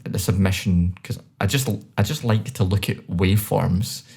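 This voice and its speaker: A man with a Scottish accent co-hosting a podcast, reviewing songs in a relaxed, chatty way with many fillers. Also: deep voice, normal speed, vocal fry, breathy edge. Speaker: podcast co-host. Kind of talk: casual chat.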